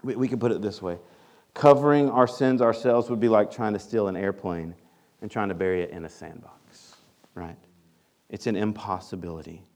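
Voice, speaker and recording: A man's voice: normal speed, darkish tone. A man preaching a sermon on confession, emphatic, often checking in with "right?". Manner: emphatic, repeats "right?" to the congregation; acts out sample confessions in a higher voice.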